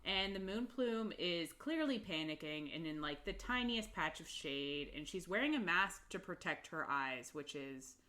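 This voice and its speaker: Podcast co-host, female, unhurried and low, chatty summarizer who laughs easily. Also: expressive, bright, forceful tone. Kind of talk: casual book recap chat.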